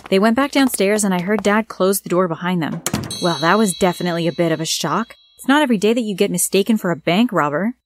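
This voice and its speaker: A woman narrating a scripted first-person story with a plain, steady reading. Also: medium pitch, fast talker, background noise.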